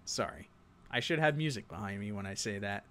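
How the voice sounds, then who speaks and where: A man's voice: lowish voice, a little fast, bright, forceful tone. Rambling man hosting a gaming news stream. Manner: rambling, self-interrupting, chuckling asides. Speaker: show host.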